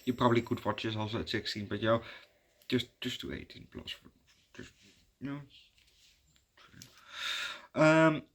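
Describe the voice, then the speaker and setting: Male movie reviewer at a mid pitch, chatting loosely and hesitantly with frequent ums and restarts. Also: moderate pace, pauses often, husky. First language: Dutch. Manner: rambling and hesitant, many fillers and restarts. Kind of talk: casual spoken movie review.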